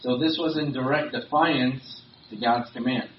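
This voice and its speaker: A man's voice: medium pitch, fairly even intonation, measured pace. A man delivering a sermon in a conversational way, with many fillers and restarts. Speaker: preacher. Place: church or meeting hall. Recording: roomy, distant, dull lo-fi recording with faint hiss.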